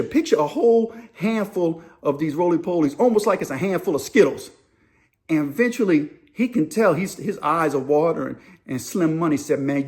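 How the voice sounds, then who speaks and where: Animated man telling a story. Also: high voice. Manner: animated, acts out other inmates' voices. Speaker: storyteller host. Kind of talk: casual spoken storytelling.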